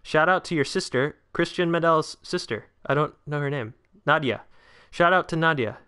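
A nineteen-year-old streamer with a fairly high, smooth voice and a moderate pace hosts a casual livestream. He reads comments aloud and chats back to his viewers, breaking into excited outbursts at big chances.

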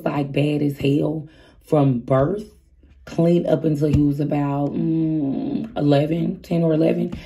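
A woman's voice: deep voice, vocal fry, mellow. A woman in her thirties telling a storytime vlog in casual chat, candid and chatty, speaking straight to her viewers. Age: 30s. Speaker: vlogger.

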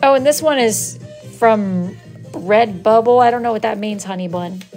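A woman with a medium-pitched, darkish voice hosts a casual live stream as a wood-burning artist, talking at a normal speed. She reads viewer messages aloud in a dry, sarcastic, mock-scolding tone, with faint music playing behind her.

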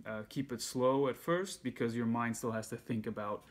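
A man giving a casual music lesson, counting beats aloud in a relaxed way as he demonstrates. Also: medium pitch, moderate pace. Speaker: music teacher. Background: handpan playing.

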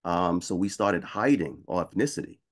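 A man on a video call panel telling a personal story in a conversational way, often checking in with "right?" and getting animated when he quotes other people. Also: deep voice, normal speed. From United States.

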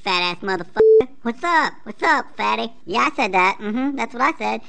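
A woman voicing a hyper, lonely child who talks too fast and gets giddy and taunting in a comedic character voice. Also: a little high, big pitch swings, gravelly, a bit bright, full character voice.

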